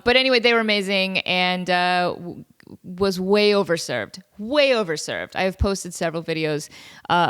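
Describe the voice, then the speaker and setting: A woman in her thirties hosting a podcast from a home studio, telling a funny story in a lively, jokey way with mock quotes. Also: medium pitch. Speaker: podcast host. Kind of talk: casual comedic monologue.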